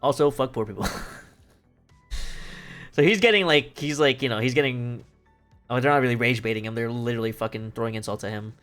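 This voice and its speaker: A man's voice: medium pitch, brisk, long pauses, fairly bright tone, clean tone. A young man streaming, casually retelling a play in a rambling, profane way, laughing often. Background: faint music.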